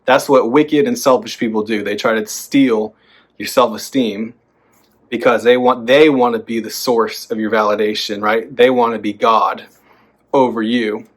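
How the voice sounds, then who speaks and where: A young man hosting a motivational talk, blunt and profane, breaking into loud, lively bursts. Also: mid-range voice, moderate pace. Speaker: self-help podcast host. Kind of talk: motivational monologue.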